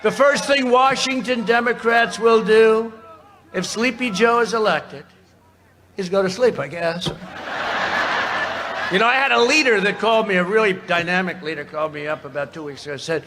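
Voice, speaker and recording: A man's voice: high-pitched, moderate pace. A man giving a rally speech from a podium microphone, boastful and mocking, with rambling asides. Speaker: political speaker at a rally. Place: outdoor campaign rally before a large crowd. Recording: loud cheering crowd behind the speaker. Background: crowd noise and cheering.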